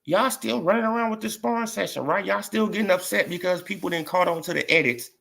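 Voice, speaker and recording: A boxing commentator vlogger rants casually about boxing in a mocking, repetitive way, often tossing in "right?" and "you feel what I'm saying." He talks fast in a high, creaky voice with a fairly bright tone.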